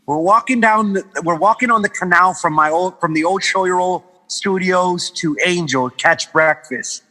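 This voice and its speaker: Bright, high-voiced man telling stories. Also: normal speed, big-room sound, low-quality recording. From Guam. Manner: animated, swears freely, acts out quoted voices. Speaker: podcast guest. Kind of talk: casual storytelling chat.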